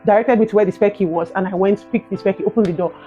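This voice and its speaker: A young adult woman with a Nigerian accent, telling a personal story in a vlog, animated and emotional, ending in prayerful encouragement. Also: medium pitch, racing, highs cut off, soft background music. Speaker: vlogger.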